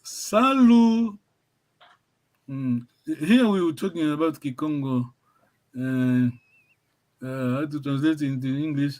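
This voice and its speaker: A man with a warm, mid-range voice teaches a language class, encouraging his students and praising them often. His phrases come out haltingly, and he repeats and restarts them.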